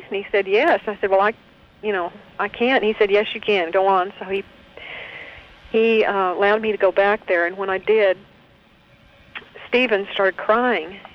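A woman sharing a personal faith testimony in a heartfelt, conversational way, full of small hesitations, over a phone call. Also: medium pitch. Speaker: guest recounting her experience.

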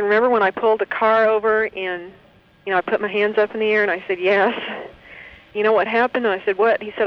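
A woman sharing a personal faith testimony in a heartfelt, conversational way, full of small hesitations, over a phone call. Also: mid-range voice. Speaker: guest recounting her experience.

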